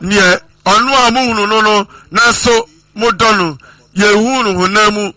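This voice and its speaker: Male preacher, high and very bright voice, measured sermon delivery, dry close sound. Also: steady tone, no room sound, poor audio. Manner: measured preaching with scripture citations and repeated refrains.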